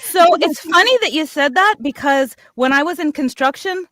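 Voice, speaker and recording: A woman on a video call talking casually as a cast member, shifting her voice lower or higher to make her point. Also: normal speed, fairly bright tone. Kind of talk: casual group chat.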